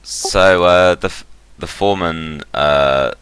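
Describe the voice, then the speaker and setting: A man with a very deep yet bright, crisp voice narrates a tabletop game as game master. His delivery is casual and rambling, full of fillers. The sound is dry and close to the mic. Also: takes it slowly, no room sound.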